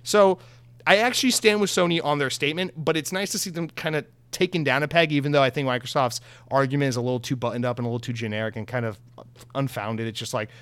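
A man's voice: mid-range voice, steady tone, quick pace, fairly bright tone, smooth, no room sound. A young man giving casual, heated gaming news commentary, swearing freely and mocking companies in sarcastic voices.

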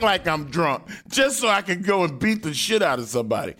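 A man's voice: high voice, sing-song, fairly quick, hardly any pauses, a bit bright. A man, co-host and former wrestler, talking in casual podcast chat, fired up, blunt and swearing often.

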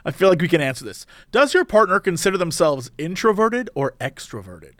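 A man co-hosting a podcast in casual chat, playful and teasing, often slipping into loud mock voices. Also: high-pitched, big pitch swings, a little fast, no room sound, clean studio sound. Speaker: podcast co-host.

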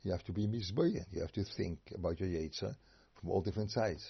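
A man giving an informal Torah lecture, animated and rhetorical, sometimes acting out voices. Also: low-pitched, fairly quick, vocal fry, husky. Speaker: rabbi giving a Torah talk. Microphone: video call. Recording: dull lo-fi video call audio.

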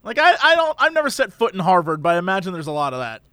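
A man with a high, lively voice chats on a podcast, playful and quick with jokes. His pitch swings widely as he mugs through bits. The recording is close and dry. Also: clear, resonant tone, no echo. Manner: animated, jokey, puts on voices for bits. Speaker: podcast co-host. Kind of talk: casual chat.

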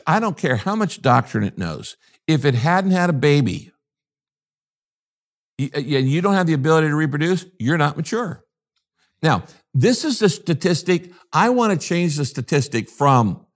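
An older man, a pastor from the United States, talking in an interview in an emphatic, preacherly way and repeating his key phrases. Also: fairly high pitch. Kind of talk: interview conversation.

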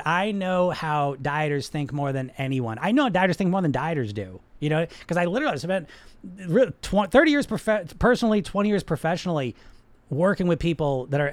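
A man's voice: on the high side, dry recording. A man coaching on weight loss in a blunt, emphatic, profane way, repeating words for stress as he talks to a live chat.

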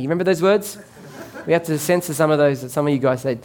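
Man, pastor, sermon, fairly high voice, chatty and joking with the congregation. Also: fast, darkish tone, slight background noise. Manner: conversational, jokes with congregation.

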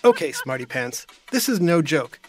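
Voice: mid-range voice, wildly swooping pitch, moderate pace, slight background noise. A host of a kids' science show, explaining things in a friendly way and talking straight to the listener.

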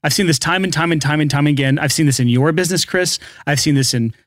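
A man's voice: a little high, fast, no room sound, clean studio sound. Male podcast co-host steering the talk. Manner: steers the talk, sets up topics. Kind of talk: casual podcast chat.

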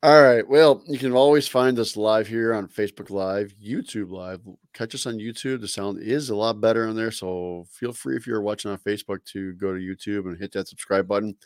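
Low-voiced, laid-back podcast co-host man. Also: fairly quick, hardly any pauses, smooth, no room sound, studio quality. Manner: laid-back, jokey, with sudden loud outbursts. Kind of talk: sports fan chat and show sign-off.

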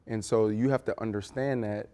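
A middle-aged man co-hosting a podcast in casual chat, animated and storytelling. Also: lowish voice, moderate pace. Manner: animated, acts out quotes with big voices. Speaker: podcast co-host.

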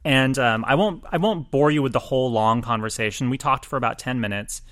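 A man co-hosting a music podcast, talking through chart news in a chatty, self-deprecating way with quick asides. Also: medium pitch, a bit bright. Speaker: podcast co-host, chart reporter. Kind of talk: casual chart chat.

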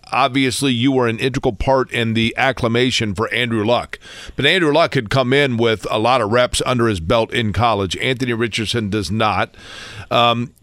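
A man's voice: medium pitch, a bit bright, no room sound. A man co-hosting, posing a careful, hedged question to a guest. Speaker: co-host. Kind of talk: interview questions.

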